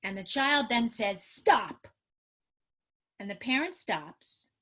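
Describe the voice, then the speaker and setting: Unhurried and fairly high in pitch, a middle-aged trauma therapist gives a spirited webinar on a video call, stressing her points and acting out parent and child dialogue. Audio comes from a computer mic.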